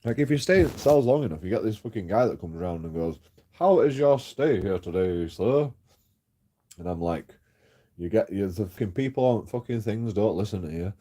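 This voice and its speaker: A man's voice: fairly low pitch, lively intonation, fast, dark tone. A man ranting and complaining in a rambling story-time vlog, swearing often and trailing off into mumbles. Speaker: YouTube auditor vlogger.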